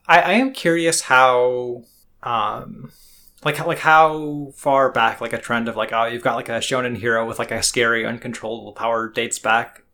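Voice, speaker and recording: A man's voice: mid-range voice, steady tone, normal speed, bright, forceful tone. Man rambling with many fillers. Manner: rambling, heavy with fillers and restarts. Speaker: podcast co-host. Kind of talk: casual chat.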